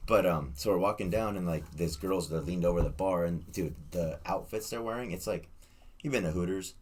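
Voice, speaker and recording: Man, young adult, low voice, husky, casual storytelling, swearing. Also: brisk. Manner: animated, swearing, laughing through a story. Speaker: guest. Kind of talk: casual storytelling among friends.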